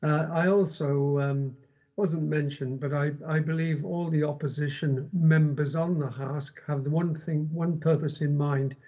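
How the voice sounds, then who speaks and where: A fairly high-voiced man speaks as a councillor in a video meeting. He talks haltingly and restarts his words. The sound is muffled. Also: fairly even intonation, mellow. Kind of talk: meeting remarks. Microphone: video call. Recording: dull lo-fi video call audio.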